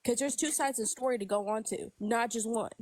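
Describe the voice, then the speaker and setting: A woman's voice: on the high side, a little fast, a little mellow, no echo. A woman joining a livestream as a guest, talking frankly in slang with plenty of swearing. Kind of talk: casual livestream chat.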